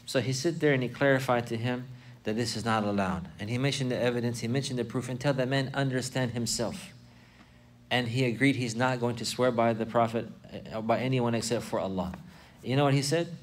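A man giving a religious lesson, explaining points slowly and repeating key phrases for emphasis. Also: medium pitch, a little hiss or hum. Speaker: Islamic teacher.

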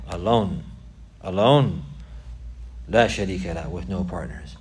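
A man's voice: mid-range voice, expressive, fairly quick. A man teaching a religious class, repeating key phrases for emphasis and putting questions to his students. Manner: quizzes the class.

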